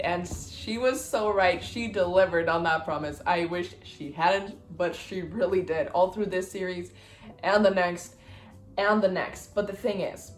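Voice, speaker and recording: A woman's voice: lowish voice, a little slow, soft background music. Chatty young woman book vlogger. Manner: chatty and excitable. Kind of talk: casual chat. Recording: roomy echo.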